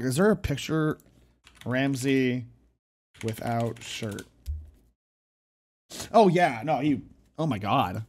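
A young man streaming live, excitedly reacting to a video and chatting with viewers. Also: mid-range voice, breathy edge. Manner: excitable, talks to chat, frequent loud laughs.

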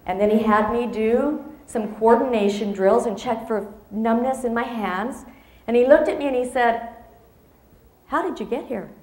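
A woman's voice: fairly high pitch, normal speed, a little mellow, roomy sound. A woman in her fifties giving a motivational speech to an audience, telling a personal story expressively and acting out the dialogue. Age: 50s. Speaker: motivational speaker.

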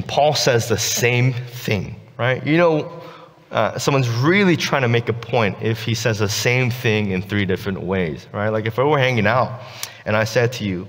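A man's voice: mid-range voice, a bit bright. Casual man preaching in a reverberant church. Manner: casual, keeps asking "right?". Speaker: pastor. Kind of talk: conversational sermon. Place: church sanctuary.

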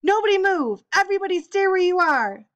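A woman playing a shouting restaurant owner. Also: very high voice, lively intonation, a little fast, lo-fi sound, pitched above the performer's own voice. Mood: alarmed. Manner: shouting orders. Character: flustered restaurant owner man, bossy.

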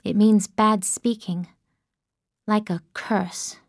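A woman narrating a story in the first person in an earnest, expressive way, on a close studio mic. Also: mid-range voice, slow, gravelly, dry recording. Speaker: audiobook narrator.

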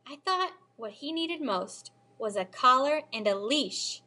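A woman teacher reading a children's novel aloud in an expressive storytelling manner. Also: sits high, a little slow. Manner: expressive storytelling, lively character voices.

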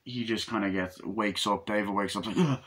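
A man's voice: lowish voice, little pitch movement, brisk, pushed and bright. A man giving a casual, rambling movie review, acting out scenes with quoted voices and swearing.

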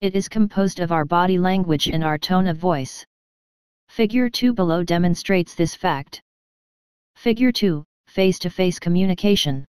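A woman reads a training lesson in measured, scripted narration. Her voice is very smooth and clear, a little low-pitched, and recorded close with no room sound at all. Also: darkish tone, no echo. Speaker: course narrator.

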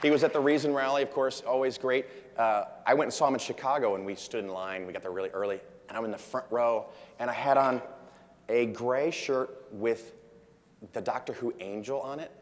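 A man's voice: medium pitch, fairly even intonation, brisk. Chatty man speaking in a reverberant hall. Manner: chatty, jokey, acts out quotes. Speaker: conference speaker. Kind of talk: casual conference talk. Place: large conference hall.

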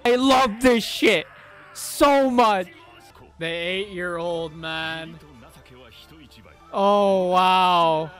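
Excitable young man reacting, unhurried between outbursts. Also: sits high. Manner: excitable, swears a lot, bursts into shouts. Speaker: anime reaction creator. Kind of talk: live reaction commentary. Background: faint anime soundtrack music.

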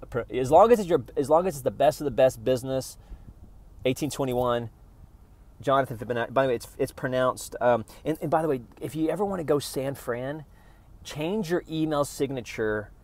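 A man's voice: mid-range voice, darkish tone. Sarcastic rambling man from Oklahoma. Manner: sarcastic, meandering, mocking voices. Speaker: comedian. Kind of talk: rambling stand-up bit.

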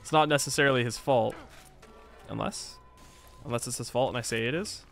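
A man at a mid pitch chats his way through a strategy game in casual let's-play commentary. He mocks himself, laughs often and puts on grumbling annoyance, over faint background music. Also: brisk, creaky, fairly bright tone. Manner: playful, self-mocking, laughs often, mock-annoyed. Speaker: gaming video creator.

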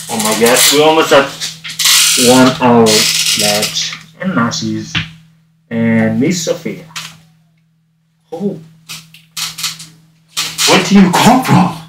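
A man's voice: a little high, a bit bright. A man playing a wisecracking masked male antihero with a gun during a livestream, talking to viewers in a cocky, teasing way, his voice muffled by a mask. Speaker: cosplayer livestreaming. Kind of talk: in-character livestream banter. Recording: roomy, distant mic, noisy.

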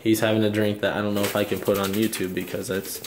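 A man's voice: lowish voice, flat delivery, fast, noisy background. A man hosting a casual vlog, chatty and self-mocking as he jokes with friends. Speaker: vlog host. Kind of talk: casual chat.

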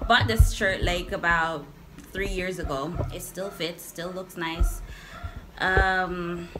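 A woman's voice: fairly low pitch, background noise. A young Jamaican woman with a Jamaican accent, chatting casually to a phone camera in a vlog, laughing and playfully emphatic. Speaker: vlogger. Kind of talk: casual talking-head vlog.

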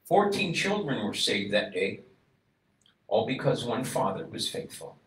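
A man preaching a sermon as a rabbi, mid-pitched and telling a story. He acts out the voices in his tale and rises to loud, emphatic calls. The sound is roomy and echoing, picked up from some way off the mic. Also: very animated, a little slow. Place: synagogue. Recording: echoey room, voice a bit distant from mic.

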